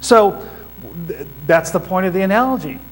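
A man with a notably high-pitched voice preaches to a congregation in church. He teaches point by point and often turns to his listeners with questions. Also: animated, moderate pace, rough recording. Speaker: pastor. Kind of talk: sermon.

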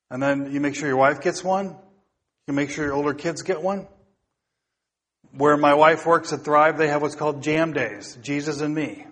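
Earnest pastor preaching in a reverberant hall. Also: male voice, on the high side, a bit bright. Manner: earnest, exhorting, asks the congregation questions. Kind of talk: sermon.

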